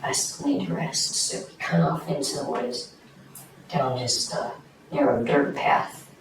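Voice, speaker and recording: A man recounting events in a recorded police interview, speaking quietly and haltingly with many fillers. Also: fairly high pitch, sing-song, creaky. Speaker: suspect recounting a crime. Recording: echoey distant room mic with noise.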